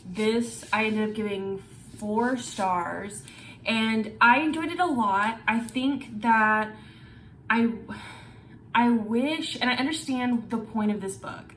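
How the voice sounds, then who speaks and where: A woman's voice: a little high, slow, a bit bright, a little hiss or hum. A young woman vlogging about her reading in a gushing, rambling way, cursing freely, restarting sentences and repeating words for emphasis. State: feeling unwell. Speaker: book vlogger. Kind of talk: casual reading vlog. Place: bedroom at home.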